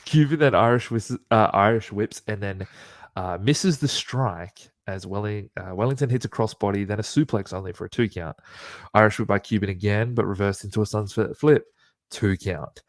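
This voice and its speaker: A man's voice: lowish voice, moderate pace, no room sound, clean studio sound. A man co-hosting a podcast, recapping a wrestling match move by move and laughing often. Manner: play-by-play recap with frequent laughs. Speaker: podcast co-host.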